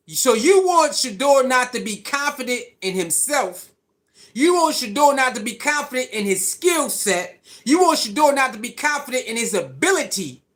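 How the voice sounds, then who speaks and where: A man delivers a heated sports rant in a high voice that swings widely up and down. He sounds exasperated and scolding, hammering his points again and again. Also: expressive, measured pace, fairly bright tone. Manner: ranting, exasperated, mocks critics in put-on voices. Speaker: sports commentary host.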